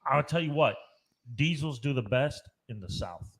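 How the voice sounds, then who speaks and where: Excitable, profane podcast co-host, man, talks loudly in casual banter. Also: mid-range voice, normal speed. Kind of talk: casual chat.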